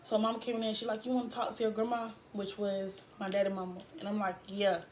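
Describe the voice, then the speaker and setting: A young woman telling a painful personal story in a vlog, halting and trailing off as she fights tears. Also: medium pitch, completely flat delivery, darkish tone, a little hiss or hum. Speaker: vlogger.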